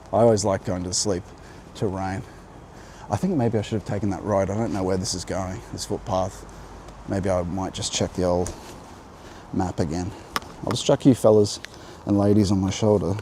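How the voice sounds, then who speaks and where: Out walking near a road in the rain with his umbrella, a male vlogger with a General Australian accent reflects aloud to viewers, rambling as he navigates. His voice is low-pitched with a dark tone. The handheld camera picks up slight background noise.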